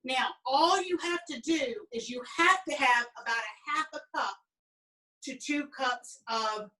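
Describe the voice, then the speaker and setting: A cooking instructor from the American South, she gives a relaxed baking demo while spinning family stories in a chatty, folksy, meandering way and a Southern US accent. Her high voice sounds pushed and bright at a measured pace, recorded far from the mic on low-quality audio.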